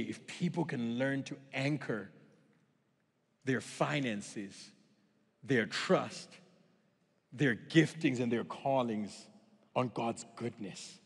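A man from Africa preaching a sermon in a church auditorium, with animated, expressive storytelling. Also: medium pitch, creaky, slightly rough. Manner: animated and expressive, acting out dialogue, then earnest in the closing challenge. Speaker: guest pastor. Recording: long church-hall reverb.

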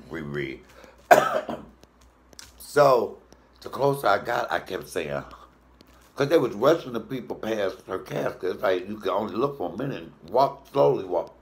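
Lively storytelling comedian with a gravelly voice. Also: male voice. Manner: animated, swoops into high falsetto for quoted voices, swears freely. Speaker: comedian cooking show host.

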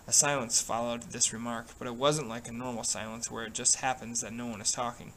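A man reading a novel aloud at a steady, plain pace. His voice sits at a middle pitch, and he corrects small slips as he goes. A faint ambient hiss runs underneath. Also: brisk, hardly any pauses, poor audio. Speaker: reader.

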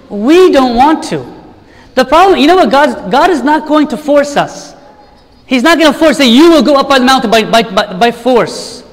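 A priest preaching an earnest sermon in a church, with rhetorical questions and repeated lists. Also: male voice, very high-pitched, fairly bright tone, big-room sound, low-quality recording.

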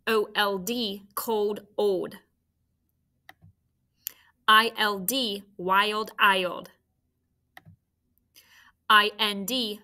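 A woman teacher leading a phonics sound drill for children to repeat, clearly enunciated. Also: medium pitch, pushed and bright.

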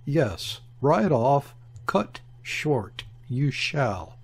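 A man reading the part of a scornful foreign diplomat who speaks with soft brutality, in a gravelly, husky voice. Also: mid-range voice, sing-song, drawn-out words, exaggerated voice. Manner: brutal, airy, ferocious. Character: scornful foreign diplomat, male, middle-aged. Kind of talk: audiobook character reading.

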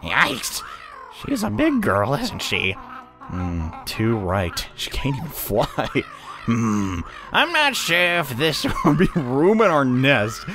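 A man's voice: mid-range voice, wildly swooping pitch, slow pace, music in the background. A man giving casual gameplay commentary, chatty and self-deprecating, laughing often at his own mistakes. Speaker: let's play commentator.

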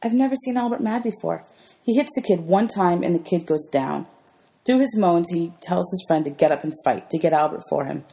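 A woman teacher reading a children's novel aloud to her students in a gentle, clear storybook manner. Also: lowish voice, animated, a little fast.

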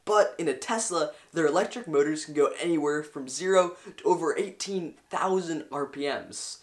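A man's voice: a little high, moderate pace. A young man hosting a science video, explaining in an eager, enthusiastic way. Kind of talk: educational explainer.

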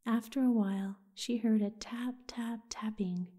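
A woman with a breathy, half-whispered voice, softly narrating a soothing bedtime story. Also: fairly high pitch, fairly even intonation, unhurried. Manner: soft, half-whispered delivery.

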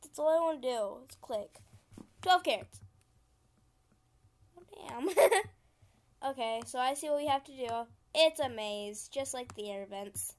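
A woman's voice: sits high, expressive, moderate pace. A young woman casually commenting as she plays a computer game, chatty and easily frustrated, often laughing. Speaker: gaming channel host.

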